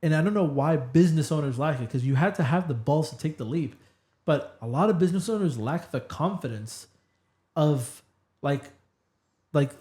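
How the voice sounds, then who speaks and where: A man's voice: on the high side, expressive, moderate pace, a little mellow. A male podcast guest in a casual chat, talking in an earnest, slangy way. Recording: echoey room.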